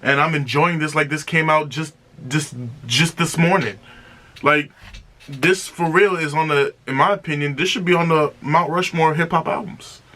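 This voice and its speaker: A man reviewing an album in an excited, casual way, exclaiming and repeating himself. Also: a little high, moderate pace. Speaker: music reaction reviewer.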